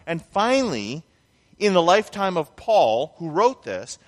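Emphatic pastor preaching in a reverberant hall. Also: male voice, high voice, sing-song, a little slow. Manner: emphatic, builds to stressed repeated phrases. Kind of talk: sermon.

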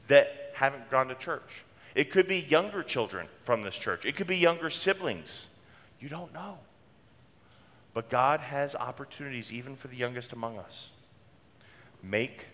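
A middle-aged male pastor with a medium-pitched, fairly bright voice preaches conversationally in a church sanctuary, sharing homely stories. The church hall gives the recording a long reverb.

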